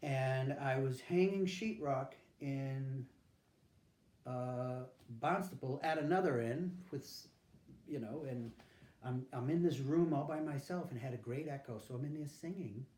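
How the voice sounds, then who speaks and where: This interviewee, an older veteran, candidly recounts his life story, acting out what others said. His mid-range voice is unhurried and darkish, and the sound is roomy.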